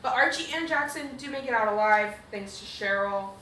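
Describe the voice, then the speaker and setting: A woman's voice: on the high side, normal speed, bright, forceful tone, reverberant, recorded from a distance, slight background noise, low-quality recording. A woman co-hosting a casual podcast recap, blunt and opinionated. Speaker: podcast co-host.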